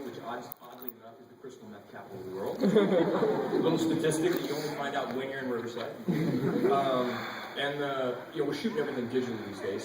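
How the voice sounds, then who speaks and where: A man telling a wild story on a convention panel, animated and profane. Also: medium pitch. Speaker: panel guest actor. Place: large convention hall. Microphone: audience camera far from stage. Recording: echoey hall recorded from far off with noise.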